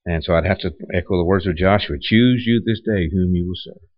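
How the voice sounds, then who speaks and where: Male pastor, low voice, dry and slightly muffled sound, conversational preaching style. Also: a little fast, dry recording. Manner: conversational preaching with repeated restarts and rhetorical questions. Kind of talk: sermon.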